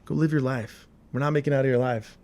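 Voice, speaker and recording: Male guest, chatty and lively, mid pitch. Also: quick pace. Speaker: podcast guest. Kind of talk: casual chat.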